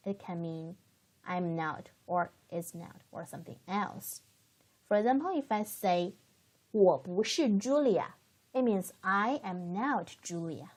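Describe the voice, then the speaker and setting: A woman's voice: mid-range voice, slightly rough. A woman teaching a beginner language lesson in English, patiently explaining step by step and modelling words for learners to repeat. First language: Chinese. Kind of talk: slow, careful language lesson.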